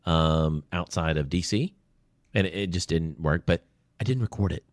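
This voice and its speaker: A man's voice: low voice, normal speed, dry recording, studio quality. A man telling heartfelt stories as a guest in an interview, earnest and openly emotional. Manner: earnest, emotional, storytelling with quoted voices. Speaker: podcast guest, veteran advocate. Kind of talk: conversational storytelling interview. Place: small room.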